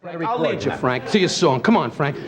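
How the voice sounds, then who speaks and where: A man loudly teasing the band on a talk show, laughing between jabs. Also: a little high, sing-song, normal speed, a crowd in the background. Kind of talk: comic riffing on a talk show. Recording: very noisy archival TV audio.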